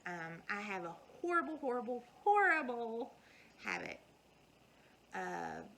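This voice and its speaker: A woman's voice: medium pitch, huge pitch swings, a little slow, vocal fry, a bit bright, a little hiss or hum, low-quality recording. A woman, giving an earnest, folksy motivational talk to her viewers. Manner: earnest, folksy, emphatic repetition. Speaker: vlogger.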